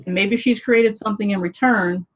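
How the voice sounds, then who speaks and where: An earnest woman hosts a gaming livestream and rallies her viewers in casual, plain-spoken talk. Her voice sits at an ordinary middle pitch for a woman, and now and then she lets a swear word slip. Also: normal speed, poor audio. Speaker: host. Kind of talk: livestream panel chat.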